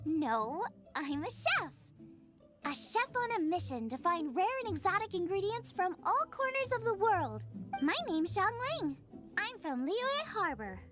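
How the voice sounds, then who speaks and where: A woman's voice: extremely high pitch, a bit bright, heavily acted. An actress voicing a cheerful, adventurous young female chef who talks in a bubbly, eager, chatty way. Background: game music.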